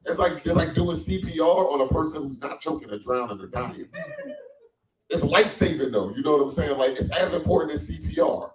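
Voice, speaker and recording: A man performing a stand-up comedy set in a small cafe, animated and loose, acting out quoted voices. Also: on the high side, a little fast. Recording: echoey room from far off.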